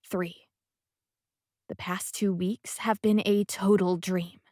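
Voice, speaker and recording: A woman narrating a first-person romance audiobook in a soft, intimate and often whispery voice. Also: medium pitch, level tone, slow, pauses often, no echo, clean studio sound.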